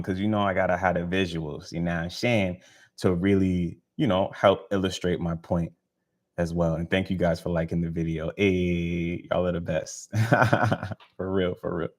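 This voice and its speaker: A man's voice: low-pitched, fairly even intonation, moderate pace, darkish tone. A man hosting a casual live stream, talking in a laid-back, slangy, encouraging way and laughing often. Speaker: live stream host, spiritual healer.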